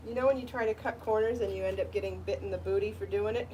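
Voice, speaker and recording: A woman's voice: medium pitch, steady tone, fast talker, dark tone, a little hiss or hum. Breathless, chatty woman host. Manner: chatty and enthusiastic, laughs at herself. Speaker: podcast host showing her yarn designs. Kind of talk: casual live show chat.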